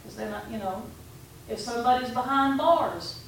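A woman's voice: on the high side, moderate pace, creaky. A woman pastor preaching a sermon in a conversational, storytelling way, retelling her talks with a congregant. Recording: echoey room from far off, faint background noise.

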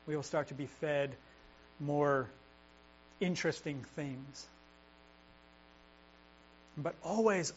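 A young pastor preaches a sermon in an earnest, conversational way, circling back and restarting phrases as he thinks aloud, his voice a little high for a man. The recording is dull and lo-fi, with a steady mains hum behind him.

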